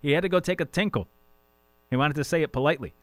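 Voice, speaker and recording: A man hosts a sports radio show and talks through the day's talking points in a loose, rambling way full of joking asides. His voice sits a little high for a man. The sound is dry and close, with no room around it. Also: fast, no echo. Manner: chatty, rambling, jokey asides. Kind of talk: casual sports talk monologue.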